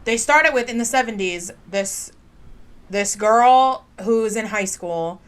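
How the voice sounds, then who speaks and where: A woman's voice: fairly high pitch, slow, clean tone. Chatty woman podcaster telling a story. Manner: chatty storytelling, heavy use of "like". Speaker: podcast co-host. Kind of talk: casual chat, retelling a true crime story.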